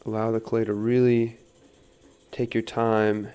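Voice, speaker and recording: A man giving a relaxed live pottery demonstration at the wheel, talking through each step on a wireless mic in his studio. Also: lowish voice, a little slow, clear, resonant tone. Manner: relaxed, talks while working at the wheel, reads chat aloud. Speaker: pottery teacher streaming a demo. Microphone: wireless transmitter mic.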